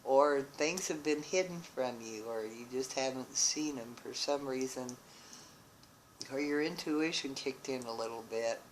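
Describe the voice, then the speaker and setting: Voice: mid-range voice, a little slow, slight background noise, rough recording. A tarot reader working through a card spread, thinking aloud with restarts and often exclaiming in wonder. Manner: musing, with frequent exclamations of wonder.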